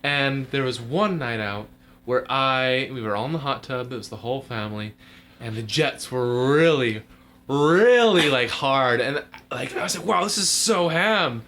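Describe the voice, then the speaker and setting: A man's voice: mid-range voice, normal speed, fairly bright tone. A young man telling a long story to friends, rambling with lots of fillers and laughing through his words. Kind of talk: casual storytelling among friends.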